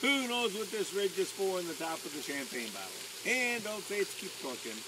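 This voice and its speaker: A man's voice: sits high, sing-song, brisk, heavy background noise. A man working as a hot air balloon pilot, telling passengers a story in a playful, teasing way and laughing at his own jokes, outdoors in a field.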